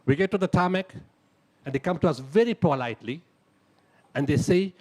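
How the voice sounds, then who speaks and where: A middle-aged man recounts events at a live talk. His voice sits a little high for a man. He acts out each exchange and punches through repeated lists. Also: a little fast, pauses often, darkish tone. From South Africa. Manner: dramatic storyteller, acts out dialogue, emphatic lists. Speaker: humanitarian speaker.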